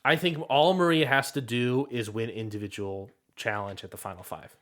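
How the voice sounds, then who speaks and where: A man's voice: mid-range voice, fairly even intonation, normal speed, a bit bright. A man co-hosting a podcast in casual chat, analytical and quoting stats he has looked up. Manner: analytical, quotes stats he looks up. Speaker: podcast co-host.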